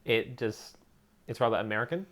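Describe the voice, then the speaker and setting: An Irish woman with a strikingly deep voice, chatting as a podcast co-host. She answers in a dry, matter-of-fact way and teases her friend. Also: a little fast. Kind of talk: casual chat.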